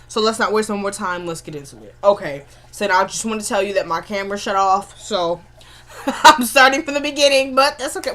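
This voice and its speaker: A woman recapping a TV episode in a casual vlog from her home kitchen, chatty and animated, with exasperated asides. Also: medium pitch. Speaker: TV episode reviewer.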